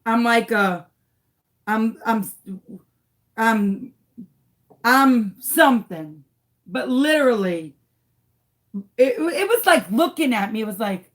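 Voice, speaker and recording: A crafting channel host tells a story to camera, her fairly high voice full of lively intonation. She speaks slowly with long pauses, and her dramatic, exasperated delivery swings into shrieks.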